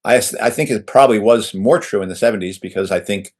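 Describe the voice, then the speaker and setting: A man in a casual political discussion, talking haltingly and correcting himself mid-phrase. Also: on the low side.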